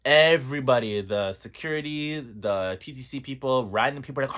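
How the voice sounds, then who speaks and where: A man's voice: a little fast, hardly any pauses. A man in his twenties from Toronto, telling a dramatic storytime on his vlog. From Toronto, Canada. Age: 20s. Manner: animated, dramatic storyteller with big pitch swings. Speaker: vlogger.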